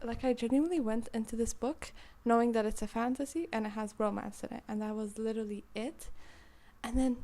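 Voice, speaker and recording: A woman's voice: fairly high pitch, brisk, darkish tone. A young woman with a British-sounding accent reviewing books in a rambling, playful chat that keeps cutting itself off. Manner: rambling, self-interrupting, playful. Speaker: book reviewer. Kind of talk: casual chat.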